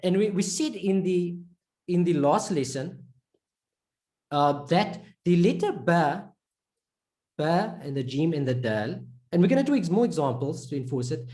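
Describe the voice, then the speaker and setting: A woman gives a pronunciation lesson at an unhurried, very slow pace, drilling each syllable again and again. Her voice sits a bit low, and she breaks up the drills with short, encouraging praise. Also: lively intonation, dark tone. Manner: patient, drills sounds slowly with repetitions; encouraging, praises with "perfect" and "excellent". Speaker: Arabic reading teacher.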